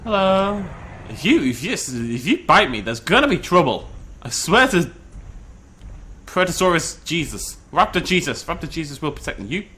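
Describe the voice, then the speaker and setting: A British man giving excited, chatty commentary on a dinosaur survival game, breaking into laughs and shouts. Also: a little high, moderate pace, slight background noise. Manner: animated, shouts and laughs in bursts. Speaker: gameplay commentator. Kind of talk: excited let's-play commentary.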